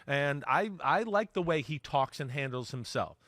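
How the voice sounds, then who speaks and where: A middle-aged former football player talking as a sports analyst, animated, acting out quoted voices and often asking "right?". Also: male voice, medium pitch, moderate pace, dry recording, studio quality. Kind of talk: sports talk show chat.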